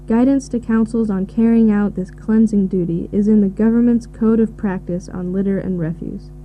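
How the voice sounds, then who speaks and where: A woman giving measured, informative answers in a scripted listening recording. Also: a little high. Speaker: expert answering questions. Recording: tinny phone-like audio with faint hiss.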